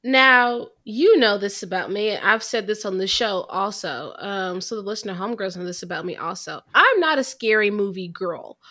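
A woman co-hosting a podcast, talking about a film in an animated, chatty, self-deprecating way. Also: mid-range voice, moderate pace, few pauses. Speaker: podcast co-host. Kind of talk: casual podcast chat.

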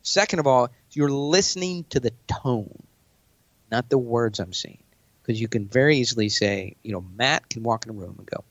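A brash, animated man talks through business meetings, acting out his pitches along the way. His voice is mid-pitched and dry. The sound is dull and lo-fi. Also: moderate pace, no echo. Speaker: business speaker, podcast guest. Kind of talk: casual chat.

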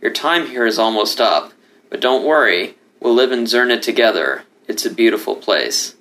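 A man voicing a gentle, somber male lion in a calm, even tone. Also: medium pitch, normal speed. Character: solemn male lion come to take a dying friend.

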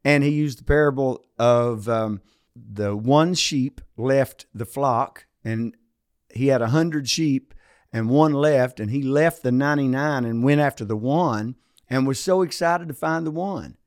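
Guy preacher chatting easy, tells a joke story, dry close sound, middle pitch. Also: measured pace, smooth, no room sound. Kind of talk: casual devotional talk.

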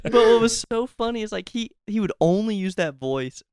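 Excitable young man, dry close sound. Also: high voice, normal speed, clean tone, dry recording. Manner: excitable, laughs while telling stories. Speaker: podcast co-host. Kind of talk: casual storytelling chat.

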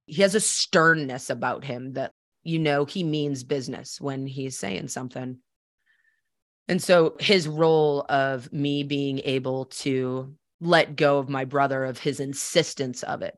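A woman's voice: rumbling low, a little slow, no room sound, studio quality. A woman hosting a personal storytelling podcast, talking candidly and conversationally with frequent fillers. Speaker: podcast host.

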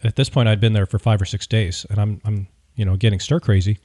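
A man hosts a podcast and tells a story in an opinionated, wry, animated way. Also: lowish voice, fast, no room sound, studio quality. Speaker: podcast host. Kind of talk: casual storytelling.

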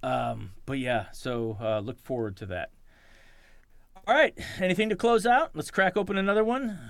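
A man co-hosting a casual podcast, telling stories in an animated way and laughing often. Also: fairly high pitch, moderate pace, vocal fry, dry recording. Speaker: podcast co-host. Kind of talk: casual chat.

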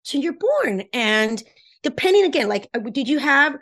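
High-voiced, animated woman coach, Spanish native. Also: moderate pace. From Cuba. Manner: lively, emphatic, repeats herself, laughs often. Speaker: relationship coach, guest. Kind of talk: animated explanatory interview talk.

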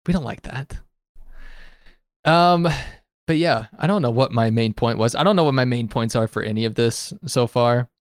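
A man's voice: mid-range voice, normal speed, no echo, studio quality. A man hosting a casual recap chat, rambling and chatty, often laughing as he talks. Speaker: podcast host.

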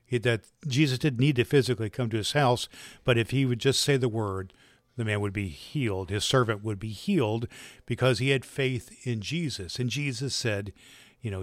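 A man's voice: mid-range voice, normal speed, no room sound. A man hosting and teaching an online course in a loose, rambling way, telling jokes and stories. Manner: rambling, loose, with fillers and restarts. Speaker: host and doctor teaching a course. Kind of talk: casual spoken lesson.

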